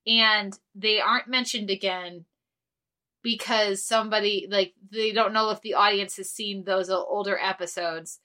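A woman co-hosting a podcast chats casually, rambling and earnest, with lots of fillers and restarts, and she's easily moved. Her mid-range voice keeps a fairly even intonation at a moderate pace, with a sharp tone.

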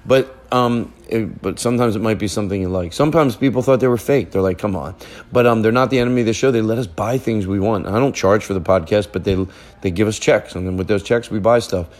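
A man's voice: lowish voice, fast, darkish tone. A man hosting a podcast from a family living room, telling a rambling, joking story in casual chat. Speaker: podcast host.

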